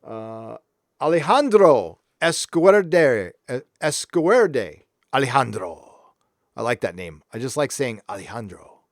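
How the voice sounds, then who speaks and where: A man's voice: medium pitch, very animated, slow pace, dry recording, clean studio sound. A man from San Diego hosting a live stream, talking frankly and rambling as he reads out viewer comments. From San Diego, California. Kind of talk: casual live stream chat.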